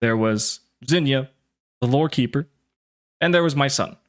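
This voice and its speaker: A man voicing a stubborn older father who tells his story in halting, rambling bursts. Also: medium pitch, lightly acted. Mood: wistful. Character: stubborn older Draconid father, wistful and gruff.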